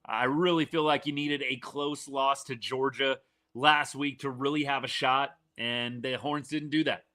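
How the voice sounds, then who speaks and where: A man's voice: mid-range voice, unhurried. A man hosting a live reaction stream for a college football game, talking casually and animatedly, with frequent restarts. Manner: animated, fan-partisan commentary with frequent restarts.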